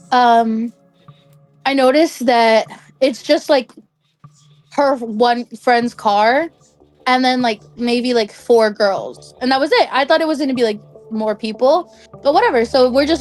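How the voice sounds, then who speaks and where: High-voiced young woman telling a story. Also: unhurried, darkish tone, faint music behind. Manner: chatty, full of "like" fillers. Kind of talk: casual spoken anecdote.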